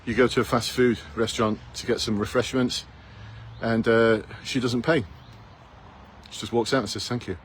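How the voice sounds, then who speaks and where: His tone is level and his pitch medium as he coaches police hopefuls face-to-camera at a moderate pace, bluntly challenging them with rhetorical questions. He's a man in his fifties, recorded outdoors in a town; the audio is poor, with slight background noise.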